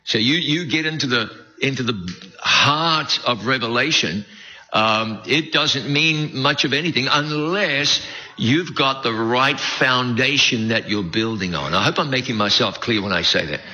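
A man's voice: medium pitch, a little slow, sharp tone. A man in his fifties with a faded New Zealand accent, preaching a folksy, joking, self-deprecating sermon with frequent restarts. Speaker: preacher leading a Bible study series. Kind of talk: conversational sermon. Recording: dull lo-fi recording.

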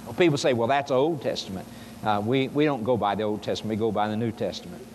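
Speaking quickly in a lowish, darkish voice, a preacher works through scripture and fires emphatic rhetorical questions at the congregation. Long hall reverb and faint noise color the recording.

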